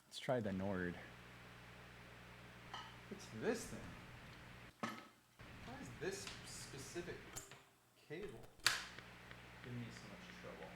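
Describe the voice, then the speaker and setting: Jamming live from a home studio, a man mutters to himself while messing with cables and keyboards, then chats with his viewers in a rambling, self-deprecating way. His voice is a little high, with a noisy background.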